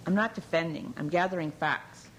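A weary young caterer in a storybook reading, answering with wry, sardonic remarks in a low voice, as the woman narrator reads her. There is a bitter edge under her calm. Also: normal speed, slight background noise, close to an everyday voice, low-quality recording.

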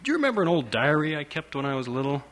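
A man's voice: on the high side, sing-song, rapid-fire, fairly bright tone, pitched above the performer's own voice. A man doing a subdued, hesitant young man. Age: 20s. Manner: lifeless, hesitant. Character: subdued, withdrawn young ballplayer son.

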